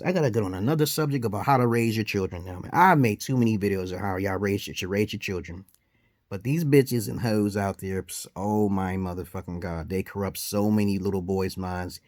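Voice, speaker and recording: A man ranting in a commentary vlog, profane and heated, jumping from shouted outbursts to low mutters. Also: no echo, clean studio sound. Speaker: vlogger giving dating advice.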